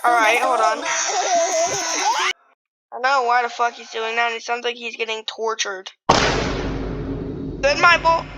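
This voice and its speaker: A woman's voice: on the high side, fairly even intonation, takes it slowly, long pauses, heavy background noise. A young woman giving profane, mocking commentary as she reacts to a video, swearing constantly and laughing often. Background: loud music from the video she reacts to.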